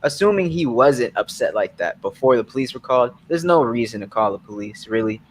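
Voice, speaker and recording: A man on a podcast panel, speaking in a measured, somewhat hesitant way in casual chat. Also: mid-range voice, animated, husky. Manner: measured, hesitant, laughs easily.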